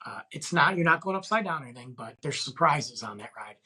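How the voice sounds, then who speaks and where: Man, middle-aged, podcast host, husky voice, casual rambling chat, lots of fillers. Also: a little high, expressive, fast talker, sharp tone, low-quality recording. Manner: rambling storytelling with many fillers.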